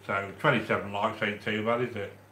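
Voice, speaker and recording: A man from the English Midlands with a Midlands accent, hosting a live stream and chatting warmly with viewers as he reads their comments, with frequent restarts. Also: lowish voice, steady tone, brisk, reverberant, a little hiss or hum. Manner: chatty and affectionate, with many restarts. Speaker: livestream host reading chat. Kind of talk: casual live-stream chat.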